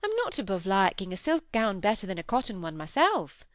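A woman's voice: medium pitch, huge pitch swings, a little fast, dry recording, studio quality. A woman doing a blunt homely farm wife. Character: plainspoken homely middle-aged farm wife.

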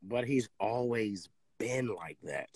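Excitable husky man in casual chat. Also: slow, no room sound. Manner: excitable, swears freely, jumps high in pitch when animated. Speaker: podcast host.

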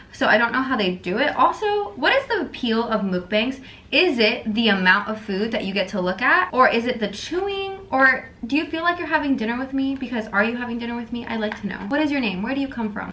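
A woman's voice: medium pitch, fairly bright tone. Young female vlogger, casual eat-and-chat talker, mid-range voice, loose and rambling. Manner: chatty and rambling, talks with her mouth full, many "like"s. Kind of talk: casual chat while eating. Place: parked car.

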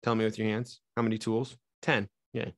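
A young man leads a sales training session in a lively, up-and-down voice, talking straight to his team. His voice sits fairly low. The sound is dry and close, with almost no room in it. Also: brisk, dry recording. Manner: energetic, up-and-down delivery, talks straight to his trainees.

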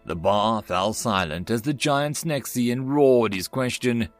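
A man reading a science-fiction story as an audiobook narrator, measured and even in his storytelling. His voice sits in a middle pitch and the recording is dry and close. Faint music plays underneath. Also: no room sound. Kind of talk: scripted narration.

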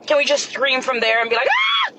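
A woman telling a story straight to camera in a lively way. At times she bursts into screams. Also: on the high side, fast talker, very noisy.

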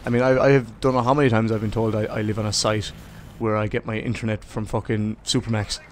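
A man's voice: fairly low pitch, little pitch movement, fast talker, slight background noise. Sweary Irish guy ranting casually. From Ireland. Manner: profane, rambling, jokey. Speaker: gaming vlogger. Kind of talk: casual rant to camera.

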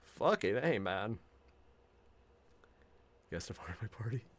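A man hosting a reaction video, chatting casually, excitable and laughing often as he swears freely. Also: lowish voice, a little slow.

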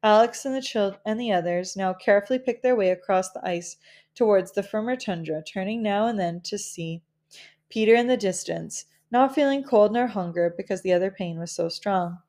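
A woman reading a children's novel aloud in a gentle, measured storytelling manner. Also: medium pitch. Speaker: audiobook reader.

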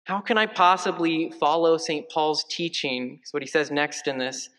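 A male parish priest giving a conversational homily, joking lightly and filling pauses with ums and uhs. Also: a little high, a bit bright. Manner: chatty, joking, many fillers. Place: large church. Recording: long church reverb.

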